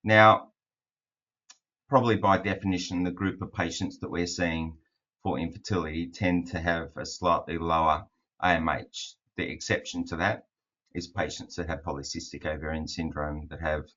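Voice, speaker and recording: A man, a fertility doctor, giving a webinar lecture over slides in a monotone with frequent ums. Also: deep voice, moderate pace. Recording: dull, lo-fi webinar audio.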